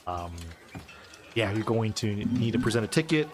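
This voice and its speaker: A man's voice: on the low side, animated, normal speed, noisy background, pitched below the performer's own voice, natural voice. A man playing a stiff, formal guard. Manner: formal, stiff, addresses people as sir. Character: stern adult male guard at an exhibition.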